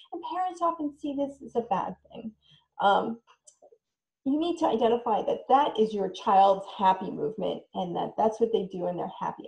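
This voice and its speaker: A woman teacher talking parents through how to model feelings for their kids, often switching into a bright sing-song voice to act out examples. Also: medium pitch, creaky, roomy sound, rough recording. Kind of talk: instructional talk to parents.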